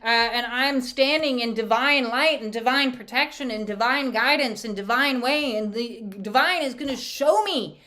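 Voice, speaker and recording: A woman oracle reader talks in a chatty, irreverent spiritual monologue, her voice sitting a bit high. She keeps it loose, full of fillers and wry asides. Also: pushed and bright.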